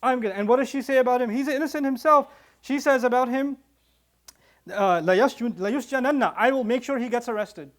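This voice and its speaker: Fast-talking animated male preacher. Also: very high voice. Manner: animated, acts out quoted characters; recites Arabic verses quickly. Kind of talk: nightly religious reminder, storytelling.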